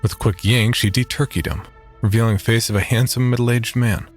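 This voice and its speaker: A man narrating a horror audio drama in first person, wry and deadpan. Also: mid-range voice, fairly quick, soft background music.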